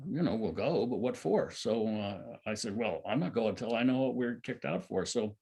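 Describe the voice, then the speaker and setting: A man's voice: on the low side, normal speed, vocal fry, darkish tone, slightly rough. An older man telling a long personal story at a satsang, rambling with many fillers and restarts. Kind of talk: casual spoken storytelling.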